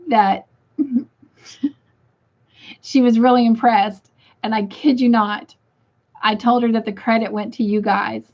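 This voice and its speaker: A giggly middle-aged woman with a drawl chats with her viewers, laughing between comments. She speaks slowly, in a fairly high voice, and the livestream audio sounds dull and lo-fi. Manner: giggly, laughs often, reads comments aloud. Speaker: livestream host reading chat. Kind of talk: casual live chat.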